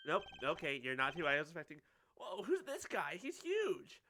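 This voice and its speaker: A man giving casual, chatty let's-play commentary and reacting excitedly to his chat. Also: a little high, normal speed. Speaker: streamer playing a game. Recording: clear background noise.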